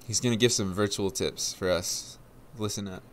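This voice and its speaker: A man's voice: fairly low pitch, steady tone, moderate pace, slight background noise. A man co-hosting a live podcast, joking and laughing while commenting on a race, on a headset mic. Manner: joking, chatty, laughs often. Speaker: podcast co-host. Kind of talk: casual live commentary chat. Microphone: headset with headphones.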